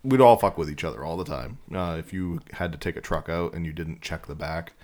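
A man with a very deep, low voice co-hosts a casual podcast. He talks loosely and tells crude stories, often breaking into laughter. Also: fairly quick. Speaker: podcast co-host. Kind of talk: casual chat. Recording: quieter mic, some distant bits.

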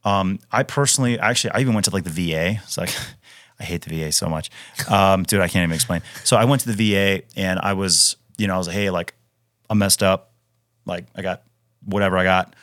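Fairly quick and low, with a slightly bright tone, a Wisconsin man in his thirties who retired from the Navy SEALs tells casual stories as a podcast guest. He's emphatic, restarts sentences and fills gaps with words like "dude." The sound is dry and close, without echo.

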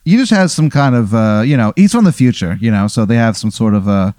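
A man's voice: mid-range voice, lively intonation, a little fast, dark tone, no echo. A man casually improvising a comic story in a rambling, profane way.

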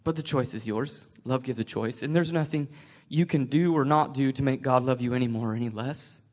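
A man sharing a personal faith testimony, emotional and tearful, halting with many restarts. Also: medium pitch.

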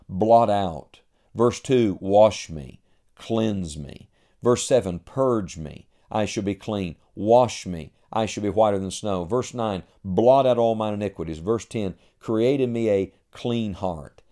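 Emphatic male preacher, deep mellow voice. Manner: emphatic, rhythmic preaching cadence with quoted scripture. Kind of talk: sermon.

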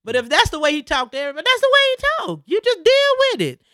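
Emphatic, animated woman in casual chat. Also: high voice, rapid-fire, dry recording, clean studio sound. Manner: emphatic, preachy, animated storytelling.

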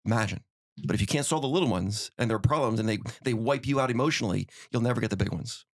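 A middle-aged man telling stories in casual conversation, animated, acting out quotes as he goes. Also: mid-range voice. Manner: fast, animated storytelling with acted-out quotes. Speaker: podcast guest, winery owner.

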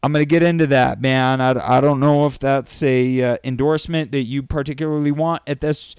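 A man in a profane political rant, angry and sweary, breaking into shouted bursts, recorded indoors. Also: mid-range voice, fairly even intonation, a little fast, hardly any pauses, clear, resonant tone, dry recording. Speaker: vlogger. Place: indoors during a thunderstorm.

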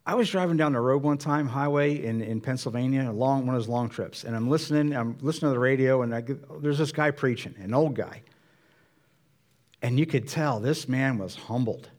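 A pastor giving a sermon in a conversational way, acting out Bible dialogue with changes of voice. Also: male voice, medium pitch, brisk, darkish tone.

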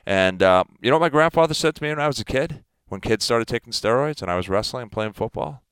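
A man in his fifties, a guest athlete, talking in a casual interview in an emphatic, animated way. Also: mid-range voice, fast, clean tone, no room sound. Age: 50s.

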